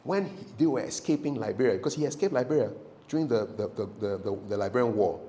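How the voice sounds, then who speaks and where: A middle-aged man, a TV presenter who gives casual, animated advice on interviewing. He tells stories, repeats phrases for emphasis and laughs often. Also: mid-range voice, quick pace, slight background noise. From Ghana.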